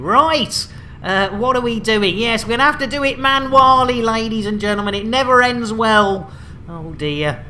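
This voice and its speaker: A woman streaming a game live, chatty and exclamatory, with plenty of playful asides. Her voice sits fairly high. Faint noise hums behind her. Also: normal speed, bright, forceful tone. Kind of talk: live gaming commentary.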